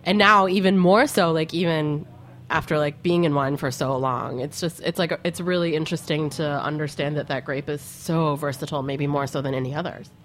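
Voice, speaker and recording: A woman's voice: sits low, steady tone, a little fast. Chatty woman co-host, faint background noise. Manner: chatty, many "like" fillers. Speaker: podcast co-host. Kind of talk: casual chat.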